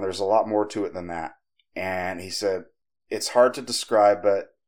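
Dude with a fairly low voice on a podcast, chatty and sweary, puts on voices for quotes. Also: male voice. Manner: conversational, profane, animated when quoting others. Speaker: podcast host. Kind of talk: casual storytelling.

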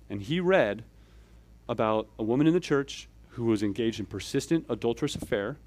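Conversational male preacher, frequent "okay?". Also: fairly low pitch. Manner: checks in with frequent "okay?" and "right?"; explains step by step, swings between louder pushes and quiet asides. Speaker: church elder preaching. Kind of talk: conversational sermon.

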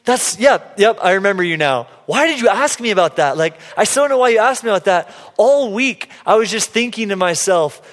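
A man voicing a young woman cashier, puzzled and a bit nervous, in a high quoted voice. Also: animated, fairly quick, few pauses. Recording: long hall reverb.

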